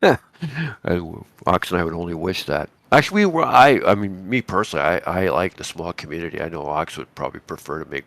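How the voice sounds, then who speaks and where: A man, hoarse and raspy from a cold, co-hosting a live futures trading stream in a chatty, rambling way with many restarts. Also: deep voice, lively intonation, quick pace, fairly bright tone, no room sound. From Canada. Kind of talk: casual live market commentary.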